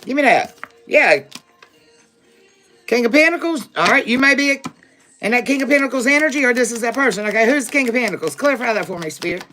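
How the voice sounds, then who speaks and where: A woman's voice: sits high, sing-song, fairly quick, bright, forceful tone, a little hiss or hum. A woman giving a live tarot reading, talking in a sassy, emphatic way straight to her viewers, with frequent laughs. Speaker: tarot reader.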